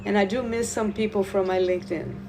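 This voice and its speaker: A woman who guides Reiki, talking slowly and loosely to viewers in a live stream, repeating words and addressing them directly. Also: mid-range voice, steady tone. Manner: slow, meandering, repeats words, talks to viewers. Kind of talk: live spiritual stream talk.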